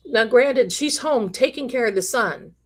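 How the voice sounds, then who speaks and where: A woman of Italian heritage hosts a live psychic stream, chatting emphatically and telling her viewers stories, sometimes slipping into quoted voices. Her voice sits a little high, with lively intonation and an unhurried pace.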